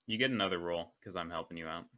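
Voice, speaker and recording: Deep-voiced man player. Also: fast talker, sharp tone, dry recording. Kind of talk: casual tabletop game chat.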